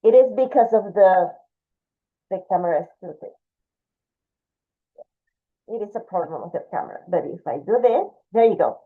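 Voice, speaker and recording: A woman's voice: medium pitch, expressive, normal speed, long pauses. Patient woman teaching drawing, tinny sound. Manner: patient, explains step by step, talks while drawing. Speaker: art teacher. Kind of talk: drawing lesson, demonstrating. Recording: tinny phone-like audio.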